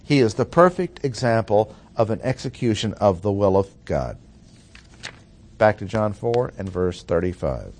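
A man preaching an expository sermon, deliberate and emphatic, slowing down to stress key phrases. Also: on the low side, very animated, darkish tone.

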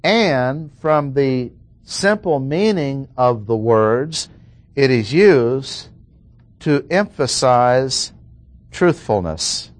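A man's voice: mid-range voice, animated, no echo. Emphatic preacher man, dry sound. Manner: emphatic, drawn-out stresses on key words, asks the audience questions. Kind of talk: sermon, Bible exposition.

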